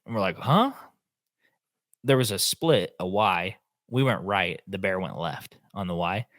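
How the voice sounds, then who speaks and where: A man, a podcast host telling an animated hunting story in casual chat. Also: deep voice, moderate pace, dry recording, studio quality. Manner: animated, acts out quotes in voices.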